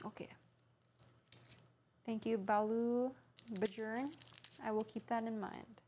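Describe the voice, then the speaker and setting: A woman's voice: fairly high pitch, flat delivery, slow, warm tone, a little hiss or hum. A woman streaming live from her home kitchen, chatting playfully while cooking and answering her chat aloud.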